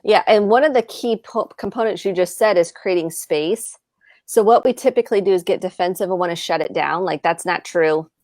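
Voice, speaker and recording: A woman therapist co-hosting a live advice talk, explaining calmly and acting out example conversations. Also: medium pitch, a little fast, dry recording, studio quality. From United States. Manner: calm, explanatory, acts out example dialogue. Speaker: therapist co-host.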